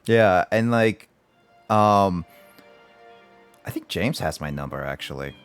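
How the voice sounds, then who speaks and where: A man's voice: sits low, expressive, slow pace, clear, resonant tone, faint music behind. A man hosting a livestream, chatting casually with friends in a rambling way, full of restarts and fillers. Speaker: livestream host. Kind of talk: casual chat among friends.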